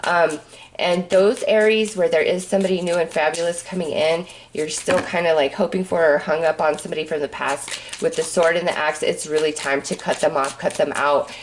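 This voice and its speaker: A woman's voice: sits low, steady tone, fairly quick, slight background noise. A woman giving a casual tarot reading, chatty and rambling with plenty of fillers. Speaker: tarot reader.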